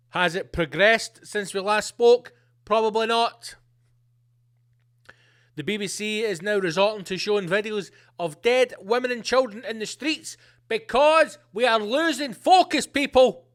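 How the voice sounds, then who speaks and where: Sweary ranting man, high voice. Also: fairly bright tone. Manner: angry, sweary, sarcastic ranting. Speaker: podcast host. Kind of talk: ranting solo podcast.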